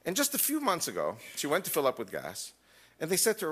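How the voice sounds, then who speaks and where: A man's voice: on the high side, huge pitch swings, quick pace, a bit bright, husky. A man giving an emphatic lecture to a live audience, mixing wry jokes into his points.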